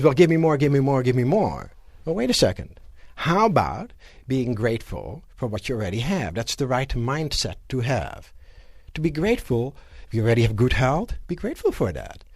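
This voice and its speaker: A man giving a live motivational seminar lecture to an audience in a room, animated and asking rhetorical questions. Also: mid-range voice, normal speed, slightly rough, no room sound, studio quality. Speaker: seminar speaker.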